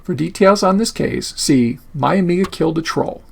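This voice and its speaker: Male host-narrator, rough husky timbre, slightly high pitch, scripted delivery. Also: moderate pace. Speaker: channel host.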